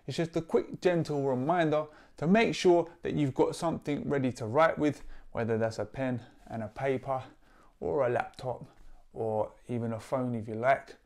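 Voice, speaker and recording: A man, a poet leading a friendly, upbeat rhyming warm-up for young writers, explaining each task clearly. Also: fairly high pitch. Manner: upbeat, clear teacher-like explanations with example rhymes. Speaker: poet and workshop leader. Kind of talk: instructional video for young writers.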